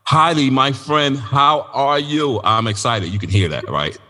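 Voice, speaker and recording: A man hosting a podcast, talking casually and telling animated, folksy stories. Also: mid-range voice, measured pace, in a large hall. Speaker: podcast host.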